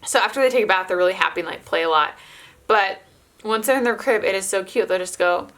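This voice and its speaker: A woman's voice: mid-range voice, quick pace, a bit bright. A young adult woman, a mother of toddlers, chatting casually to camera and filling her speech with "like". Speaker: mother of toddler twins, vlogger.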